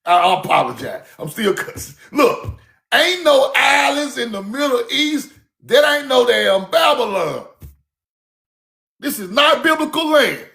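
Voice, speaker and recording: A man giving a casual, fiery online lecture, cussing freely, repeating himself and shouting key words. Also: extremely high pitch, very animated, a little slow, gravelly. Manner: laughs at own points.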